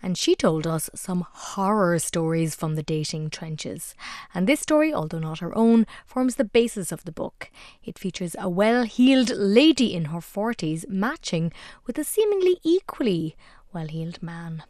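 A radio presenter delivers her scripted links playfully, with some lines hushed almost to a whisper. Her voice sits a little low and sounds close and dry. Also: expressive, a little slow, no room sound.

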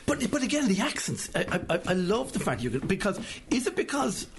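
Man, interviewer, effusive, gravelly, stumbling repeats. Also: sits high, big pitch swings, fairly quick, noisy background. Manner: eager, effusive, stumbling repetitions. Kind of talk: admiring interview questions.

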